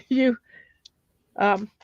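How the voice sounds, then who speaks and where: A woman's voice: on the high side, fairly even intonation, extremely slow, highs cut off. Chatty woman rambling as she builds. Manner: chatty and rambling, with fillers and restarts. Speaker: host of a building-block livestream. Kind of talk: casual livestream chat while building.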